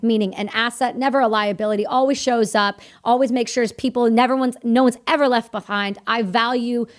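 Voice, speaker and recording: A woman from Canada speaks as a guest on a podcast, her voice sitting a little high for a woman. She tells her story candidly and earnestly, in quick runs that slip into remembered bits of dialogue. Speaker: podcast guest, combat veteran.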